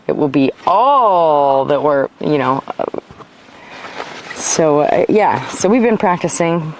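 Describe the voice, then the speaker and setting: A woman's voice: deep voice, lively intonation, takes it slowly, a little mellow, slight background noise, poor audio. A tired woman chatting casually and rambling on a livestream from her car, sometimes wandering away from her clip-on mic. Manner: rambling, chatty, self-interrupting. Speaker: livestream host. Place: in and around her car outdoors. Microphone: clip-on mic, sometimes far from it.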